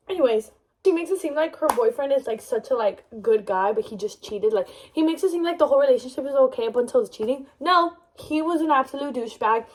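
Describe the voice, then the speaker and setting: High-voiced gushing young woman. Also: animated, fairly quick, a little mellow, poor audio. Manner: gushing, rambling, many fillers and restarts. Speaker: book vlogger. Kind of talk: casual book review chat.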